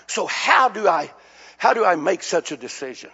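An older male pastor preaching a sermon with a high, husky voice. He tells stories and rises to shouting peaks. The recording is dull and lo-fi. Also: very animated, moderate pace. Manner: storytelling preacher building to shouted climaxes. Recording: dull lo-fi sound.

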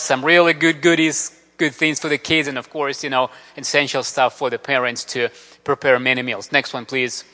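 A man's voice: mid-range voice, sharp tone. A man giving an earnest, grateful mission talk with slides in a church. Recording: long reverb of a large hall.

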